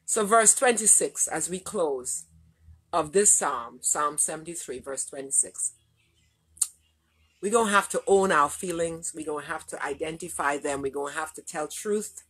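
A woman preaching a sermon with passion, swinging between loud, rising lines and hushed, low ones. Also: moderate pace, slightly rough.

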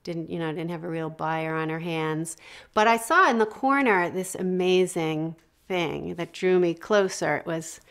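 A middle-aged woman giving a talk in a conversational, animated way, with frequent restarts and asides as she tells a personal story. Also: lowish voice, unhurried.

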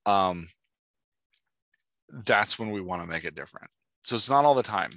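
A man hosting a writing podcast, chatting in an animated way and filling his talk with "like" and "right?". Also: lowish voice, normal speed, no echo. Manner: animated, lots of "like" and "right?", reads examples aloud. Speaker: podcast host, writing coach. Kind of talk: casual explanatory chat.

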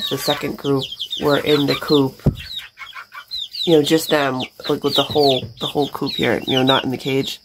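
A middle-aged woman chatting casually in a vlog as she tends her backyard chickens, rambling and talking to the birds. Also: a bass voice. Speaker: backyard chicken keeper and vlogger. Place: outdoors at a backyard chicken coop. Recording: loud outdoor farm noise. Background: chickens clucking and roosters crowing.

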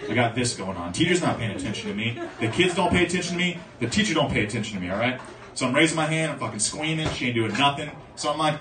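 A young man from South Florida doing a profane stand-up set, telling a story and suddenly shouting the voices of the people in it. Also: mid-range voice, lively intonation, quick pace. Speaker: stand-up comedian. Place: comedy club stage. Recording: roomy club sound from a distance, crowd audible.

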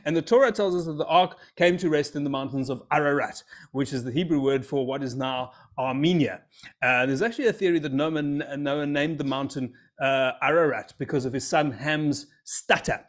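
A man's voice: fairly high pitch, normal speed. A man, telling a scripture story as a comedy routine with self-amused, rambling asides. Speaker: comic storyteller.

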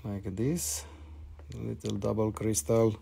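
Gravelly-voiced man selling minerals live. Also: lowish voice, level tone, unhurried, mellow, a little hiss or hum. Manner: chatty, enthusiastic, answers viewer comments. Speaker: mineral seller hosting a live sale. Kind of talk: casual live-stream sales chat.

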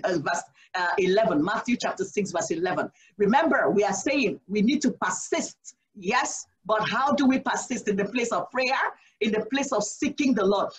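A woman's voice: mid-range voice, rough recording. Earnest woman teaching Bible study. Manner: asks rhetorical questions and answers them herself; earnest, exhorting, sprinkles in "Praise the Lord".

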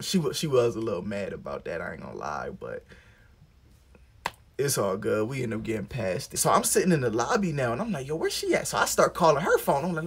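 A young man tells a story to his viewers in a loose, casual vlog, putting on the voices of the people he quotes. His pitch jumps around a lot, and clear music plays behind him. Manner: animated, acts out quoted voices. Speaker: vlogger.

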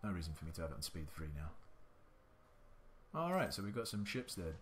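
A man's voice: deep voice, sing-song, normal speed, slight background noise. A man giving indecisive let's-play commentary, muttering to himself and swearing now and then. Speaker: gaming channel host.

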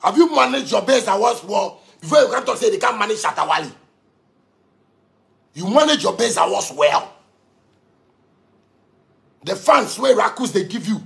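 A man's voice: sits high, animated, moderate pace, creaky, long pauses, a bit bright. A man with a Ghanaian accent delivering an angry, profane rant to his audience, repeating himself for emphasis. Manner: heated, profane, repetitive.

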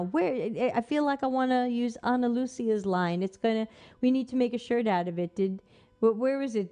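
Woman on a stream, reading stuff out and snarking at it, kinda high voice. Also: a little fast, mellow. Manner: skeptical, sarcastic, talks back to the text. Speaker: host. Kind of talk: live-stream commentary reading an article aloud.

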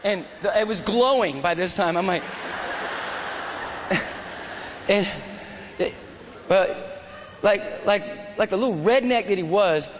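A man in his forties, an army veteran telling a war story as a speech, animated and acting out the dialogue. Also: high-pitched, takes it slowly, long pauses. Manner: animated, acts out dialogue and shouts quoted lines. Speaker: motivational speaker and army veteran. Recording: reverberant hall with faint noise.

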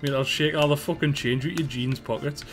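A man's voice: a little high, fairly even intonation, brisk, loud music behind the voice. A young man in casual, crude banter with a friend while gaming, laughing often and swearing freely. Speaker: gamer.

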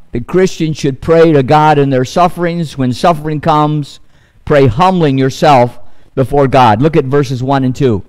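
A man delivering a sermon as a pastor, with a voice pitched a little above the usual for men. He drives his points home by repeating key phrases, then eases into relaxed storytelling. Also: a little slow. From United States. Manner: preaching with rising emphasis, repeating key phrases.

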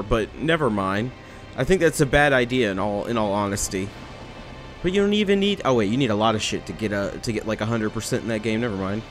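A young man rambling excitably and swearing as he comments on a video game. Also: mid-range voice. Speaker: let's play gamer. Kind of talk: casual gameplay commentary.

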